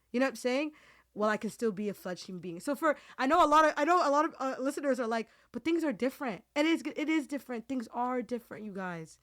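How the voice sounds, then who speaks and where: A woman's voice: sits high, expressive, quick pace, a bit bright. Woman host, earnest and rambling, team-chat podcast. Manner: heartfelt, rambling, many restarts; Muslim phrases woven into speech.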